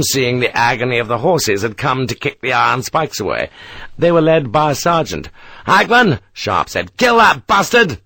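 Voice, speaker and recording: A man's voice: medium pitch, a bit bright, no room sound. A man narrating a war novel as an audiobook, telling the battle with tense, vivid delivery.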